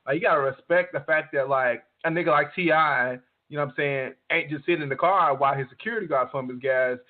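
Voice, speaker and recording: A man's voice: on the high side, fast. A man co-hosting a podcast, ranting casually with lots of swearing and fillers. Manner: profane, animated ranting with many fillers. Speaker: podcast co-host. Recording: tinny phone-line sound.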